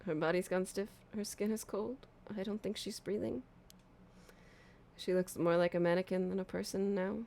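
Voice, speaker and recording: A woman's voice: mid-range voice, steady tone, moderate pace, creaky, darkish tone, natural voice. A woman reading a shaken young male horror game protagonist's dialogue aloud, urgently. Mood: stunned, sad.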